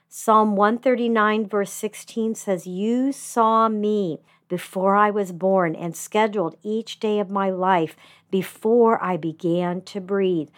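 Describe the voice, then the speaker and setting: A middle-aged woman speaks in a slow, measured devotional voice. Her pitch sits in an ordinary middle range. She lingers on words for gentle emphasis. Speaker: grief ministry speaker. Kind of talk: devotional talk.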